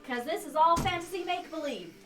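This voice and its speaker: A brisk, practical woman at a tabletop game, with a fairly high voice. She is heard off-mic in an echoey room, with music playing clearly behind. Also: lively intonation, distant mic. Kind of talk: casual tabletop game chat.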